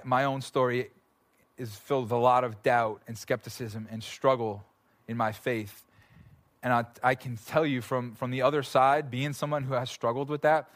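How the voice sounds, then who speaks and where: A man's voice: mid-range voice, a bit bright. A man preaching a conversational, earnest sermon in a church, telling personal stories and at times swelling into intense, pleading prayer. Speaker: pastor. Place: church sanctuary.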